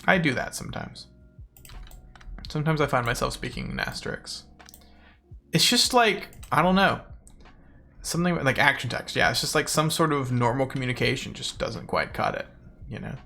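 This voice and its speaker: Gravelly, bright-voiced male streamer. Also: medium pitch, lively intonation, normal speed, pauses often. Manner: rambling, playful, self-correcting with meme phrases. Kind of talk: casual gaming stream chat. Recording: faint music behind.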